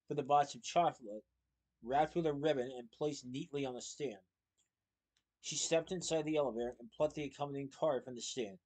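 A man reading a children's novel aloud in a plain, steady storytelling manner. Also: on the high side. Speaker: reader.

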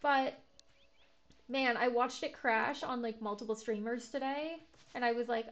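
A woman's voice: a little high, steady tone, unhurried, a bit bright, muffled recording. A young woman streaming a game, chatting casually, full of filler words and jokey asides. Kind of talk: casual let's-play commentary.

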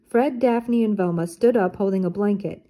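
Older woman, children's book read-aloud, mellow soft tone, clear and even. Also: medium pitch, normal speed. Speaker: storybook reader.

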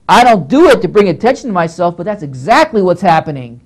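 A man's voice: sits high, expressive, fairly quick, few pauses. A male pastor giving a Bible teaching lecture, emphatic and scolding, who often repeats phrases as he works through the text.

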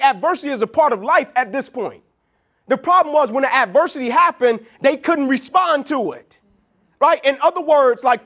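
A man giving a motivational keynote speech, telling stories and acting out what people said. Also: very high voice. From Atlanta, USA. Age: young adult. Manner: storytelling, animated, quoting people in dialogue. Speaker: keynote speaker. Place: large event venue.

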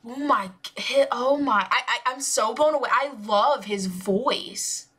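Gushing higher-voiced woman reacting. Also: a little slow, breathy edge. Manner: gushing, excitable, with many "like"s and exclamations. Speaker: reaction video host. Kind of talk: casual music reaction commentary. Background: music video playing faintly.

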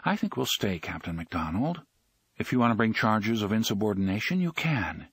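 A man voicing a calm, firm female flight attendant in a storybook reading. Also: on the low side, normal speed, husky, no echo, studio quality, exaggerated voice.

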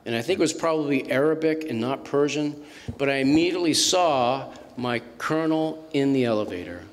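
A man in his fifties, an author talking to an audience and telling animated anecdotes with frequent restarts. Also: mid-range voice, a little fast. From Massachusetts. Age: 50s. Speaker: author speaking at a book event. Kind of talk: storytelling talk to an audience. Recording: reverberant hall.

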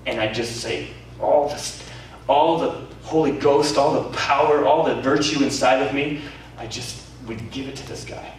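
A man preaching a sermon as pastor, telling stories with lively energy, acting out quoted voices and laughing often. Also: medium pitch, moderate pace. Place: community centre hall. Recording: very echoey hall, voice from far off, faint noise.

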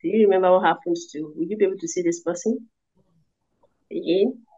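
A woman telling her testimony in an interview, animated and acting out the voices of the people she quotes. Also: lowish voice, brisk, husky. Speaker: interview guest. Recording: dull lo-fi audio.

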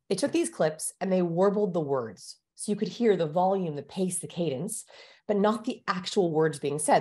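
A woman with a lowish voice talks as a guest expert in an interview. She explains in a lively, teacherly way and stretches key phrases slowly to make them land. She sounds like she is on a video call. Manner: animated, teacherly, shifts pace for emphasis.

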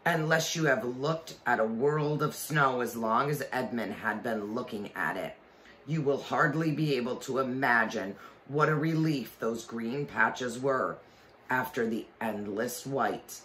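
Slow expressive man reading a storybook aloud. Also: medium pitch, a little hiss or hum. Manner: slow, expressive, explains to listeners. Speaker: reader.

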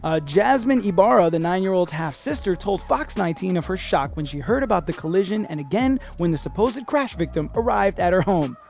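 A man's voice: high-pitched, brisk, vocal fry, hardly any pauses, faint music behind. A man hosting a comedy podcast, reading odd news stories aloud and riffing on them with lots of profanity and put-on voices for the people he quotes. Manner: profane, animated, puts on voices when quoting people. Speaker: podcast host.

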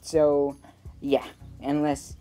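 A man giving live play-by-play commentary on his own mobile game, eagerly talking to himself and repeating quick exclamations. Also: on the high side, monotone, dark tone, soft background music.

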